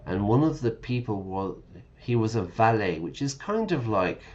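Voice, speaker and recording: A man's voice: lowish voice, animated, normal speed, a little mellow, lo-fi sound. A man teaching English while streaming a game, chatting casually, correcting himself and explaining words as he goes.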